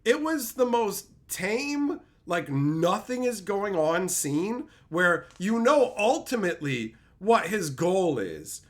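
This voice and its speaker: A man streamer ranting in a profane, mocking way, mimicking people in silly voices. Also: sits high. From Canada. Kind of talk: ranting commentary.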